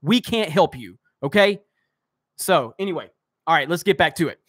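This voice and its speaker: A man's voice: a little high, expressive, normal speed, fairly bright tone, slightly rough, dry recording, clean studio sound. Heated man ranting on a live stream. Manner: heated, ranting, swears at trolls. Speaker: host of a live-stream show. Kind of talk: live-stream commentary reading chat.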